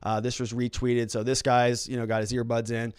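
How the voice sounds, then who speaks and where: Sarcastic guy doing news commentary, smooth voice, super dry close sound. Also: medium pitch, level tone, a little fast, no room sound. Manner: sarcastic, mocking quoted reactions in put-on voices. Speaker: legal and political commentary host. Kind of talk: casual commentary.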